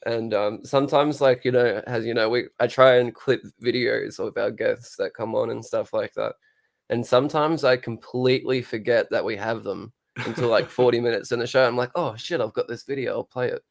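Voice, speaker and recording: A man in a casual interview, talking in a dry, low-key, near-monotone way. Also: normal speed, vocal fry. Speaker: guest, show co-host and musician.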